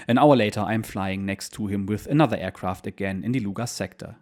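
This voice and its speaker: A man with a fairly low voice reads a first-person war memoir, steady and measured. Between the readings he speaks as the channel's host in the same even manner.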